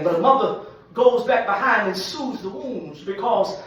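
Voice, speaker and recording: Pastor preaching hard, keeps repeating himself and rising to shouts, high voice, big echo from far off. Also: male voice, lively intonation, measured pace, muffled recording. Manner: impassioned preaching, repeats phrases, swells to shouts. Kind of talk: sermon. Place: large church sanctuary. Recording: echoey church hall from far off.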